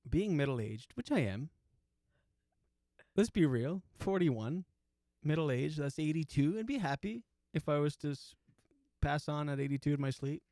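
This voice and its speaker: A man's voice: on the high side, expressive, measured pace, warm tone, no room sound, studio quality. A man in his forties telling a comic story, rambling and self-mocking, with lots of restarts and asides. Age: 40s. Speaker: comedian host. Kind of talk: comedic storytelling monologue.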